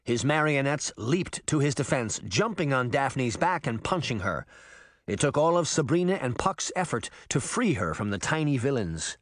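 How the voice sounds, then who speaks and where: Man, audiobook narration, expressive, animated. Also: mid-range voice, moderate pace, no room sound, clean studio sound. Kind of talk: scripted narration.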